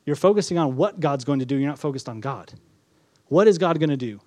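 Male pastor preaching a sermon, higher-pitched voice, dry close sound, repetitive emphatic delivery. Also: animated, fairly quick, dry recording. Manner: preaching with repetition, rising to emphatic then dropping soft.

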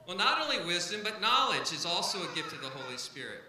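A man's voice: high-pitched, very animated, fairly quick, hardly any pauses, bright, forceful tone, echoey room, poor audio. A man, a pastor, preaching a sermon to a congregation, stressing key points by repeating them. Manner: emphatic, repeats key phrases.

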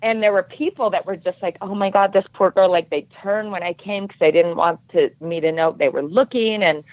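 A middle-aged woman telling her story as a podcast guest, earnest and animated. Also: lowish voice, fairly quick, no room sound, narrow, tinny audio. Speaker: podcast guest, triathlon coach.

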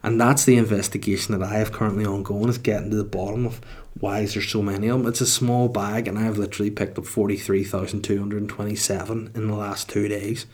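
A man's voice: lowish voice, little pitch movement, fast talker, a little mellow. A young man with a Northern Irish accent, hosting a podcast and telling sweary, rambling comic stories in casual chat. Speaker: podcast host.

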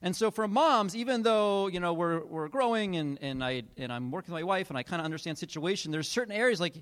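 Higher-voiced man giving a rambling sermon. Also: animated, fast, fairly bright tone. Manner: self-deprecating, rambling storytelling with many restarts. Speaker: pastor. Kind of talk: conversational sermon with personal anecdotes. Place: church.

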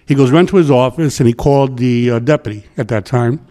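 A man's voice: medium pitch, brisk. A middle-aged man, a retired transit worker giving an interview and telling stories, acting out the quotes. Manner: animated storyteller who acts out quotes. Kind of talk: casual storytelling interview.

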